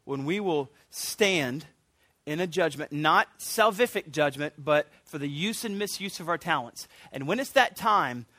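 High-voiced earnest preacher man. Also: measured pace, no echo. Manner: animated, earnest, with many restarts. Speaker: pastor. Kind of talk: sermon.

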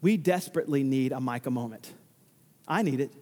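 A man's voice: mid-range voice, brisk, mellow, long reverb tail. A male pastor preaching a sermon, emphatic and given to exclamations.

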